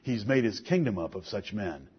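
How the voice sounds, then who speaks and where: A man preaching a sermon, firing off rhetorical questions and swinging between soft, low passages and loud, raised ones. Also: expressive, normal speed, husky, lo-fi sound.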